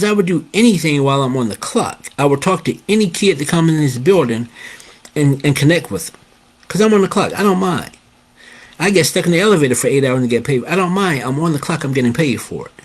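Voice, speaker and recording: An older man telling a story in a casual, animated way, often checking in with "okay?" and addressing his viewers as guys. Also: fairly high pitch, slightly rough. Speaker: host.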